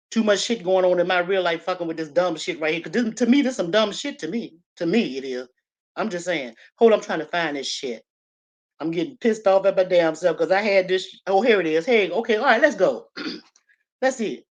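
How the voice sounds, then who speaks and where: An older woman vlogging to her viewers in a loose, rambling way. She speaks bluntly and curses often. Her voice sits at a middling pitch for a woman. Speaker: YouTube commentator. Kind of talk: casual talk to camera.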